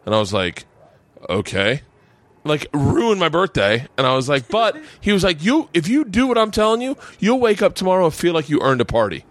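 A man's voice: a little high, sing-song, normal speed, no room sound. A man in his forties hosting a podcast, a little tipsy from drinking, telling a long profane story in a rambling, laughing way. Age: 40s. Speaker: podcast host. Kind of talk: casual storytelling chat.

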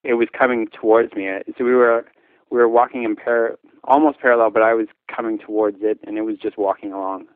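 A man from Newfoundland, Canada, recounting a frightening memory in casual speech, halting often with restarts and fillers. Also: lowish voice, little pitch movement, dry recording, narrow, tinny audio. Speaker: schoolteacher telling his story. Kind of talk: casual spoken recollection.

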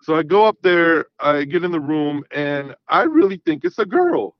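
A man's voice: a little high, big pitch swings, normal speed, no echo, highs cut off. A man in his thirties telling a long personal story in casual chat, rambling and often saying "you know what I mean". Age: 30s. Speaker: guest.

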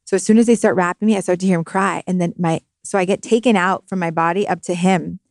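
A woman's voice: on the low side, steady tone, quick pace, creaky, a little mellow, no room sound. A woman in her thirties, a podcast guest, telling a heartfelt personal story in an earnest, spiritual way, recorded in a studio. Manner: earnest, spiritual, emotional at times.

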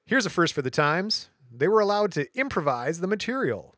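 A man's voice: sits high, very animated, fairly quick, a bit bright, no echo, clean studio sound. A man co-hosting a podcast, casually walking through history notes with jokes and stumbles over words. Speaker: podcast co-host.

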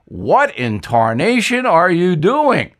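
A man's voice: wildly swooping pitch, takes it slowly, fairly bright tone, full character voice. A man voicing the scolding ghost of an older former president with a Southern accent. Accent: American Southern. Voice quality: booming, scolding.

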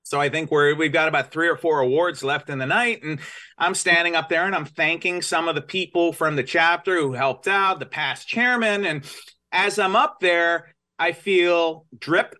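A man from New York with a bright, forceful voice that sits a little high. He tells a story casually, poking fun at himself with animated detail. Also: normal speed. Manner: self-deprecating, animated storyteller.

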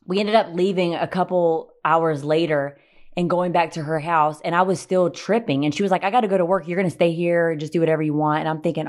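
A young woman telling a personal story in casual, animated chat, swearing and acting out what people said. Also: lowish voice, brisk. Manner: animated, swearing, acts out quotes. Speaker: podcast guest telling a story.

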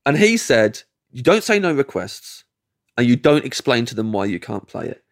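An English comedian telling a long anecdote as a podcast guest, acting out the people in it and laughing mid-sentence. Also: male voice, mid-range voice, normal speed. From England. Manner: animated, acts out quoted voices, laughs mid-sentence. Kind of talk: storytelling anecdote.

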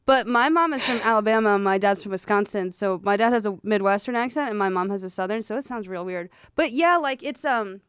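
Smooth-voiced, upbeat woman chatting. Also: mid-range voice, a little fast, few pauses, fairly bright tone, no echo, clean studio sound. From United States. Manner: casual, enthusiastic, swears lightly. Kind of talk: casual chat.

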